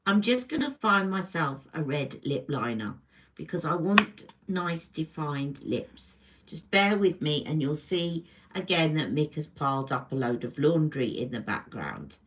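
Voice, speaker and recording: A woman's voice: deep voice, expressive, a little slow, slight background noise, low-quality recording. A British woman hosting a casual makeup livestream from home, chatting and rambling as she greets viewers. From Britain. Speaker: beauty livestream host. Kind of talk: casual live makeup chat. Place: home room. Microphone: livestream camera mic.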